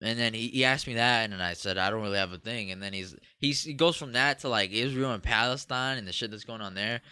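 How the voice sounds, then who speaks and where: A young man with a bright, forward voice trades loose, profane stories on a casual podcast. He is from Cuba and talks in a relaxed, joking way. The sound is close and dry, with no room around it. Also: fairly low pitch, fast, clear, resonant tone, no room sound. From Cuban. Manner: loose, profane storytelling with laughs. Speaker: podcast co-host. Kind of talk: casual chat.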